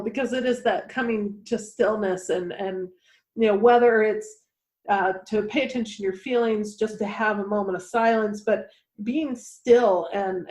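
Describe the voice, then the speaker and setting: A woman podcast host asking questions over a video call, reflective and halting. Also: medium pitch, a little mellow. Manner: reflective, halting, with fillers and restarts. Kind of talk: conversational podcast interview. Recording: echoey room.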